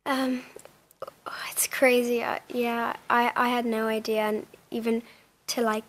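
A woman's voice: fairly high pitch, flat delivery, measured pace. A young woman, an actress guest, giving short, shy answers.

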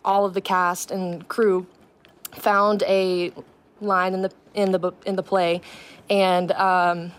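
A woman's voice: fairly low pitch, little pitch movement, slow. A young woman, a student actress, talking as a guest on a radio interview. She speaks in a bubbly, earnest way and laughs often.

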